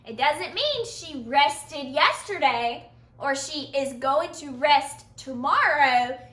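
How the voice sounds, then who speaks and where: A woman teaching a children's phonics lesson, speaking patiently and slowly to young learners. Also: high voice, bright, forceful tone, echoey room. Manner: slow, patient, sing-song teacher talk to young learners.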